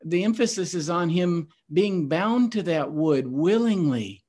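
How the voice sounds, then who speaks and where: Brief: male podcast host, preacherly and emphatic, slightly higher voice. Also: lively intonation, measured pace, darkish tone. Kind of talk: Bible teaching podcast.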